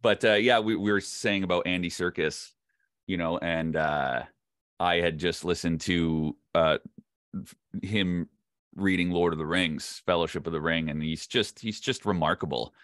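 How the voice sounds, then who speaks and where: Deep-voiced relaxed man with a neutral North American accent. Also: moderate pace, no echo, studio quality. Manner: relaxed, rambling, many fillers. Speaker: voice actor guest. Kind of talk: casual interview chat.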